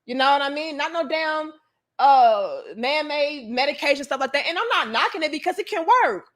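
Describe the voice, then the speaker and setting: A woman's voice: high voice, lively intonation, moderate pace, fairly bright tone. A woman hosting a casual livestream chat, talking emphatically with slang and frequent swearing. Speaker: livestream host.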